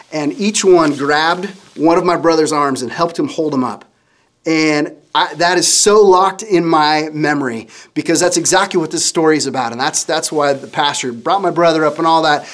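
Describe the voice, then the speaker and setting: A middle-aged man giving a kids' sermon as a children's pastor, telling stories in an animated way and often speaking to the kids as "you guys.". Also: on the high side.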